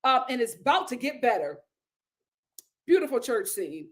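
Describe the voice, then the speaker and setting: A woman's voice: on the high side, big pitch swings, normal speed, pauses often. A woman hosting a casual reality TV recap, emphatic and exclamatory, who repeats phrases for effect.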